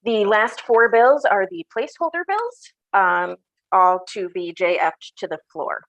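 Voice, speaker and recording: A woman committee clerk on a video call, briskly reading bill titles and numbers out for a vote in a matter-of-fact way. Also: medium pitch, very animated, low-quality recording. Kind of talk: reading out bills for a remote vote.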